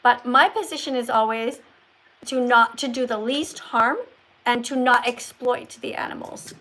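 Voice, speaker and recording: Livestream host, woman, teacherly, coaches pacing and emphasis, slightly high pitch. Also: fairly even intonation, fairly bright tone, rough recording. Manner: teacherly, slows down to stress words. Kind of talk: casual livestream chat, coaching a caller.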